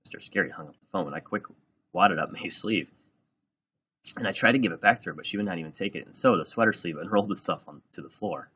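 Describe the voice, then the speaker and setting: A man reading a children's book aloud in an animated, playful way. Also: sits low, quick pace, dull audio, a little hiss or hum. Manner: animated, plays out every line. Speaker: reader.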